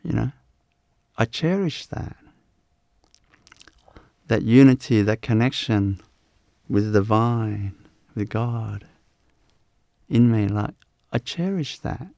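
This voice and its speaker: A man teaching at a live spiritual event, talking slowly and leaving long pauses. His voice has a gravelly, creaky texture, and the sound is dry and close. He circles back over the same phrases with frequent "you know"s. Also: fairly low pitch, animated, dark tone, no echo. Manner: unhurried, repeats phrases, many "you know"s.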